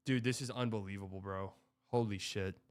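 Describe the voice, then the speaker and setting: A man's voice: fairly low pitch, fairly even intonation, a little fast, clean tone, no room sound, clean studio sound. A young man hosting a casual sports livestream, reading out donations and rambling with exasperated, profane reactions. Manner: exasperated, rambling, swearing, reads donor messages aloud.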